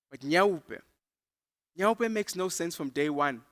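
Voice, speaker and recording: A man hosting an awards night with stand-up comedy, teasing and spinning out exaggerated stories. His voice sits a bit high and has a bright, forceful edge. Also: expressive, unhurried. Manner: playful, teasing, exaggerated storytelling.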